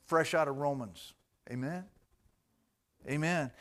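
A man preaching a sermon to a congregation, addressing listeners directly and swinging between loud emphatic bursts and quiet asides. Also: fairly high pitch, slow pace. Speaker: pastor.

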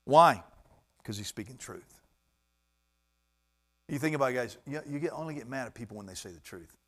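A male preacher delivering a sermon in an animated way, swinging from hushed, intimate lines to loud, emphatic ones. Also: mid-range voice, normal speed.

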